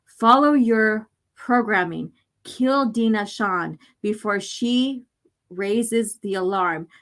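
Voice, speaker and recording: A woman voicing a cold, commanding voice inside a man's head that gives slow, deliberate orders. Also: medium pitch, a bit bright.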